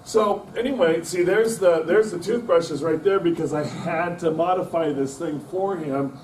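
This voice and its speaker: A man's voice: fairly high pitch, moderate pace, darkish tone, slight background noise. A middle-aged man speaking as a guest at a club meeting, telling rambling, folksy anecdotes with self-deprecating humor. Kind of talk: anecdotal storytelling talk. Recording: echoey room from a distance.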